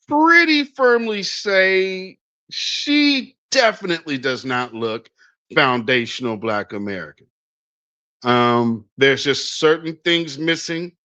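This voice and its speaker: A man's voice: fairly high pitch, sharp tone. A man hosting political commentary in a blunt, sarcastic, emphatic way, with a dull lo-fi recording. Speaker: news commentary host.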